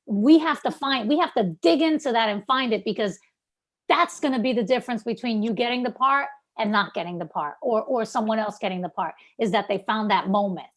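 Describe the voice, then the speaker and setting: Animated, chatty woman with a Brooklyn accent. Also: fairly high pitch, fairly quick. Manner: animated, chatty, many fillers like "like" and "um". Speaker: acting coach. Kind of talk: coaching feedback. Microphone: video call.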